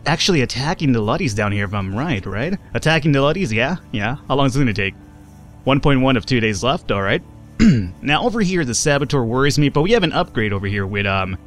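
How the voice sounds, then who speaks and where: A man's voice: mid-range voice, fairly bright tone. Casual rambling gameplay commentator, man. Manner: rambling, self-correcting, swears casually. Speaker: let's play host.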